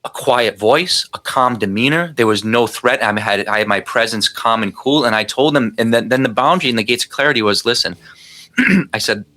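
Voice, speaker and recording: A man's voice: mid-range voice, lively intonation, brisk, bright, forceful tone. A man talking in a casual podcast conversation, rambling and emphatic, swearing freely as he tells personal stories. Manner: rambling, profane, emphatic storytelling. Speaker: podcast guest.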